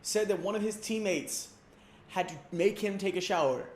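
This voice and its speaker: A man's voice: sits high, normal speed, a little mellow, a little hiss or hum. A man hosting a comedic sports rant, loose and slangy, mocking and rambling. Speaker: comedy sports show host. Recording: roomy echo.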